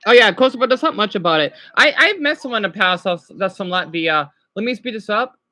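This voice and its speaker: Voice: mid-range voice, animated, fast, pushed and bright, no room sound, faint music behind. A streamer chatting casually while reacting to a video and talking to viewers by name.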